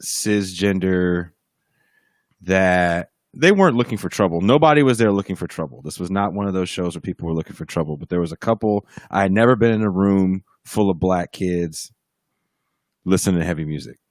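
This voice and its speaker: Low-voiced and brisk, a male podcast guest who plays in a band recounts a story in an easygoing way, cursing liberally and imitating people as he quotes them. The recording is dry, from a podcast mic over a livestream.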